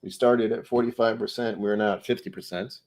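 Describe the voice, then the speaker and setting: Young male livestream host, slightly low voice, loose and jokey, addresses viewers by name. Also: fairly even intonation, fairly quick, a little mellow. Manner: rambling, jokey, talks to chat viewers by name. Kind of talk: casual live-stream chat reading comments.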